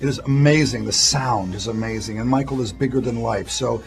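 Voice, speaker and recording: A film director answers interview questions at a steady, measured pace, starting his sentences over as he gathers his thoughts. His voice sits at a middle pitch. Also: gravelly, soft background music. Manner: measured, restarts often, lists collaborators.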